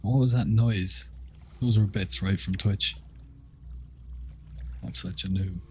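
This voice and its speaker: Streaming a game, this Irish man with a gentle accent keeps up easygoing, chatty banter and thanks his viewers. He speaks low and steady at a slow pace, in a darkish tone, over slight background noise.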